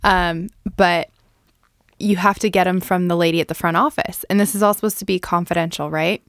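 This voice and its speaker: A woman co-hosting a podcast who tells stories in a casual, animated way and laughs often. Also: on the low side, brisk, no room sound, studio quality. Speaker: podcast co-host. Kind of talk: casual chat.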